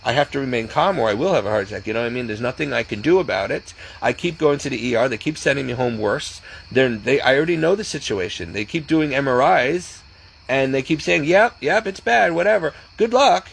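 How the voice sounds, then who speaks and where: A man's voice: medium pitch, lively intonation, fast talker, vocal fry, slightly rough, low-quality recording. A man talking casually to camera in an anxious, rambling way, repeating himself as he goes. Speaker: vlogger. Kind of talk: casual personal monologue to camera.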